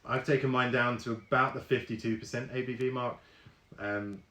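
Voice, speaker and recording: A man's voice: mid-range voice, steady tone, moderate pace, pushed and bright, reverberant. A man hosting a live online whisky tasting, chatting casually with many ums and reading viewer comments aloud.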